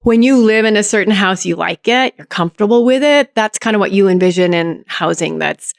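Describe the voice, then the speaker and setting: A woman's voice: mid-range voice, expressive, fairly quick, gravelly, dry recording, studio quality. A woman mayor answering interview questions, methodically breaking a problem into its parts. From Oregon, US. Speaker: city mayor as guest.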